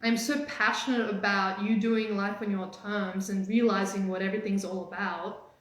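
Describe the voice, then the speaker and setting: Woman, dating coach, upbeat and teasing, live stream pep talk, very echoey room, middle pitch. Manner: energetic, teasing, fast-changing pitch.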